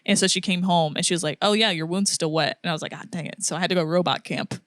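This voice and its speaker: A woman's voice: lowish voice, racing, no room sound. Young woman telling a story, dry close mic. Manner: animated storyteller, acts out quotes, laughs often. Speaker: podcast co-host. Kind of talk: casual storytelling chat.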